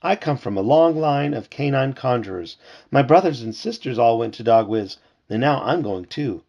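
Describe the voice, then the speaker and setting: A man's voice: mid-range voice, expressive, normal speed, gravelly, darkish tone, lo-fi sound. A man voicing a poor, scraggly, eager young puppy in a storybook read-aloud. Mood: pleading. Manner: pleading, eager.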